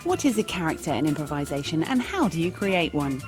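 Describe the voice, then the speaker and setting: A woman teaching improv comedy in a bright, demonstrative instructional narration. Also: sits low, very animated, fairly quick, over music. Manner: bright, demonstrative, sing-song.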